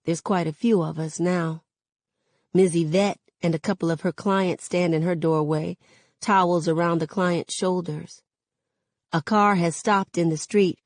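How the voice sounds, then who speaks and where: A woman reading a novel aloud in a measured, even narration. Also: fairly low pitch, no echo. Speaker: reader.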